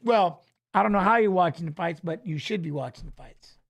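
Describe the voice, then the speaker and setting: High-voiced man rambling through a watch-along. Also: lively intonation, brisk. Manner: loose, rambling, chats with viewers, reads fighter stats aloud; frequent "you know what I mean" tag. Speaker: host of a fight watch-along. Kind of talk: casual live watch-along commentary.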